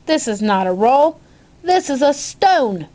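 A stern duke roars his commands in a storybook read-aloud, voiced by a woman. The voice sits high and moves slowly and deliberately. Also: lively intonation. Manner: roaring, stern. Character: angry, commanding male duke.

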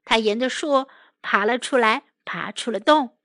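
A woman reading a children's story aloud line by line, translating each line, gentle and clear, as storyteller and English teacher. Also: fairly high pitch, moderate pace, no echo.

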